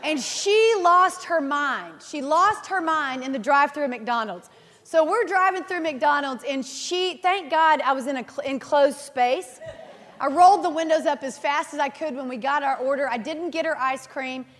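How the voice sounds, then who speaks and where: A woman in her thirties preaching a sermon, earnest and animated, telling personal stories and laughing at herself. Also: high voice, moderate pace. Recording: reverberant hall.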